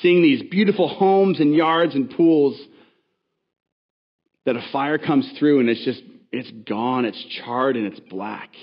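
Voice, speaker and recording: A man's voice: medium pitch, a little slow, muffled recording. A man preaching a sermon as pastor, in a conversational, casual manner with frequent self-corrections and asides.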